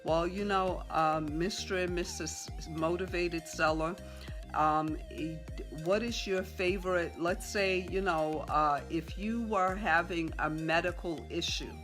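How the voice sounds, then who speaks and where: A woman teaching a sales training session to a group, talking fast with lots of fillers and acting out conversations with sellers. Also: lowish voice, over music. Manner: talks fast, role-plays seller dialogue, many fillers. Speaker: real estate sales trainer. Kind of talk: live training talk to a room.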